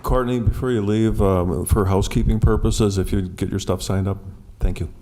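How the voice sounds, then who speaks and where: A man's voice: on the low side, steady tone, normal speed, mellow, slight background noise. A man chairing a village board meeting, casual and hesitant with many uhs.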